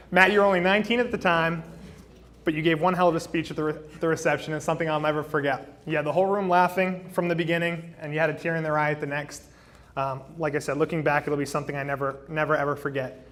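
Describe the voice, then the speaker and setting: A man in his thirties with a slightly high voice, giving a best man toast into a handheld mic. He jokes about himself and often trips over his words into fillers. The recording is noisy, with clear background hubbub from a wedding reception. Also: little pitch movement, fast talker, fairly bright tone. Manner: joking, self-deprecating, with frequent fillers and restarts. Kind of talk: wedding toast to a live crowd. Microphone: handheld microphone.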